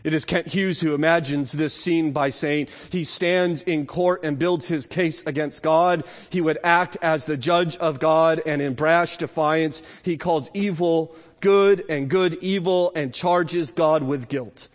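A man preaching a sermon to a congregation, swinging between loud emphatic peaks and low, slow asides, and sometimes muttering quoted excuses. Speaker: pastor. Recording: long reverb of a large hall.

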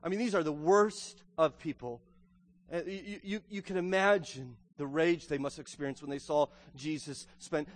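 A man's voice: fairly high pitch, moderate pace. A man preaching a sermon as pastor, earnest, repeating words and building to emphatic questions. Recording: long hall reverb.

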